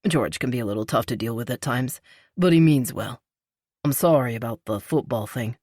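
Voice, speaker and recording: A woman narrator voicing a veteran male firefighter in a romance audiobook, friendly and low-key. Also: moderate pace, darkish tone, breathy edge, dry recording, clean studio sound. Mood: reassuring. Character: man, veteran firefighter, easygoing and earnest. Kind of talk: audiobook character reading.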